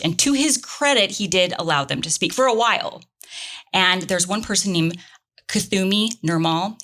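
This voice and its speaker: A woman co-hosting a podcast, telling a story and reading a quote aloud in an earnest, animated way. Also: deep voice. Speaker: podcast co-host. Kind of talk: casual conversation, reading a transcript aloud.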